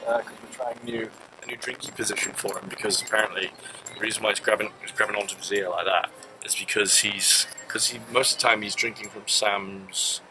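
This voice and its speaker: A young man talks casually to a handheld camera, joking dryly and explaining things at length. His voice sits a little low. Steady road noise from the moving car runs underneath. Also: brisk. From Cheshire, England. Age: young adult. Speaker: family vlogger, father. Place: inside a car.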